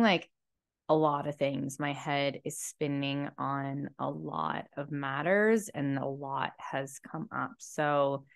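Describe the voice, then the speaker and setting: Young woman, low voice, kinda sick and stuffy, talking real slow and reflective, lots of likes. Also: creaky, dry recording, studio quality. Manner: slow, slumped, soft-spoken musing with many fillers. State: stuffy and low energy from a cold. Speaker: podcast host and tarot reader. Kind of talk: slow reflective personal monologue. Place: indoors, seated in a chair.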